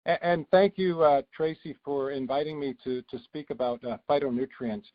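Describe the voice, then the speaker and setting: A man speaking as a guest doctor on a phone call, talking in a relaxed, chatty way with many fillers. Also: medium pitch, normal speed. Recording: dull phone line.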